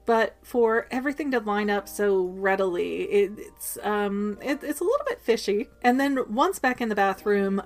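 Chatty woman recapping a book. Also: mid-range voice. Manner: chatty, playful asides. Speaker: podcast host. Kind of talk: casual book recap chat.

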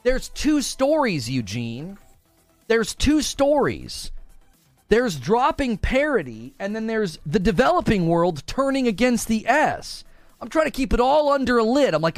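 A man's voice: very high voice, big pitch swings, a little slow, no room sound, faint music behind. A man streaming live, grumbling in exasperation and repeating himself as he rants about gaming news.

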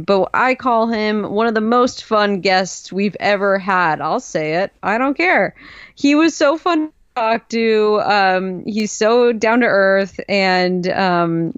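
A woman's voice: medium pitch, clean tone, dry recording, highs cut off. A woman co-hosting a podcast, teasing and enthusiastic in casual chat. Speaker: podcast co-host.

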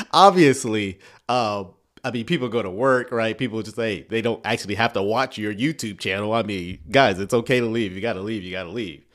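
A man giving sarcastic reaction commentary on video clips, with chuckling asides. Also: lowish voice.

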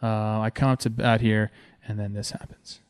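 A man in his thirties from Southern California, a former pro ballplayer telling a story with excitement as he talks over game footage. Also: fairly low pitch, normal speed, smooth, no room sound, clean studio sound. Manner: excited and animated, says "man" a lot. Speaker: former pro baseball player hosting a video series.

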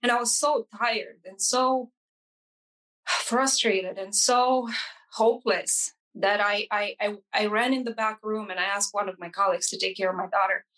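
A woman speaks at an ordinary middle pitch as an interview guest, telling her own story as a hairstylist. Her delivery is earnest and halting, with frequent restarts and fillers. She brings the story to life by acting out the dialogue in quoted voices. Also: fairly even intonation, fairly bright tone, low-quality recording. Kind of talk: emotional personal storytelling in an interview.

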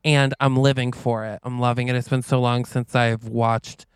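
A man co-hosting a podcast in casual chat, wry and self-deprecating with quick asides. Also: mid-range voice, flat delivery, clean tone, no echo, studio quality. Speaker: podcast co-host.

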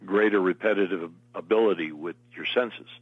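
A man's voice: low voice, fairly quick, husky, no room sound, narrow, tinny audio. An older man, an actor, telling long meandering stories as an interview guest. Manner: meandering anecdotal storyteller. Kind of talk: casual interview storytelling.

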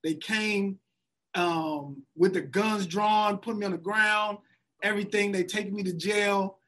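A man's voice: high-pitched, a little slow. A man telling a wild story from his youth in a casual chat, laughing often and acting out what people said. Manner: animated storyteller, laughs often, acts out quotes.

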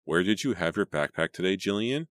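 A defensive, insistent teenage girl, as a deep-voiced male reader gives her lines. She snaps back and won't give ground. The sound is dry and close. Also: animated, fairly quick, a bit bright, no room sound. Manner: snapping, insistent.

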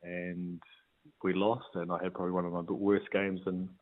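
A man, a retired rugby player talking as a guest in a laid-back, halting way. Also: sits low, flat delivery. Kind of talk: casual interview chat. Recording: tinny phone-like line.

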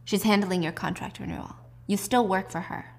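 Fields: Figure: cold ruthless crime boss voiced by a woman. Tone: low, clipped threats. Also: a little fast, gravelly, natural voice. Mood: menacing. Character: ruthless middle-aged male assassin-firm boss.

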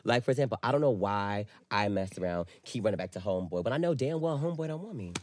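A man's voice: fairly low pitch, animated, fast talker, a little hiss or hum. A man co-hosting a podcast in casual chat, candid and profane, retelling things dramatically. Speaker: podcast co-host.

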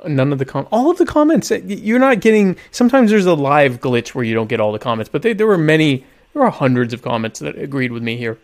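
Deadpan man hosting a rambling live show. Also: on the high side, fast, hardly any pauses. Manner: deadpan, mock-pompous humor; rambling, self-interrupting. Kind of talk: casual live-stream chat.

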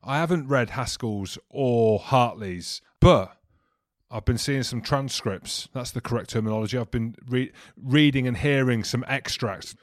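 A man at an everyday middle pitch, co-hosting a podcast with loose, rambling, jokey chatter. His voice is recorded close and dry, with no room sound around it. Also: unhurried, no room sound. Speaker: podcast co-host. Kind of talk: casual chat.

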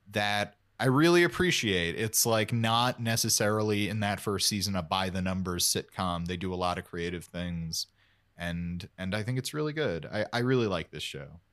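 A man's voice: sits low, a bit bright. A man chatting casually as a podcast host, enthusiastic and rambling with many fillers. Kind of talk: casual chat.

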